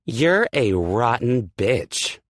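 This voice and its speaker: A man voicing a furious, jealous young woman who snaps and shouts insults. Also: sing-song, extremely slow, no echo, clean studio sound. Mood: angry. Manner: shrill, loud and snapping.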